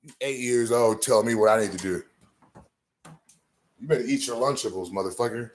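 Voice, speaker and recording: A man's voice: medium pitch, a little fast, a little hiss or hum. A man doing rambling livestream banter, crude and trash-talking, answering his chat. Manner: sings off-key bursts of a ballad.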